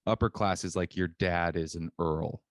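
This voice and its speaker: A man's voice: deep voice, fairly even intonation, normal speed, dry recording. A man co-hosting a podcast, telling rambling stories in a dry, understated way over a remote call. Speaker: podcast co-host. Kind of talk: casual chat.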